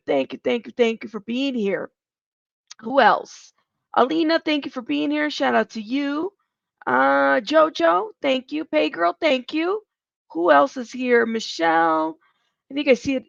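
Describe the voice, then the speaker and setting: A woman hosting a live true-crime commentary stream, chatty and animated, laughing between lines, heard through a home streaming mic. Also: high voice, unhurried, gravelly, dry recording. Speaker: livestream host. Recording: dull lo-fi stream mic audio.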